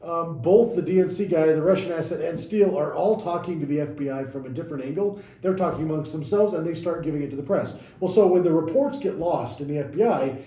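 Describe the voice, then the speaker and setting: Dark-voiced man explaining in a roomy space. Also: on the high side, fast, hardly any pauses. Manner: recounts events step by step, corrects himself mid-sentence. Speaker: podcast co-host. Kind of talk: casual explanatory chat. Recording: roomy echoey room.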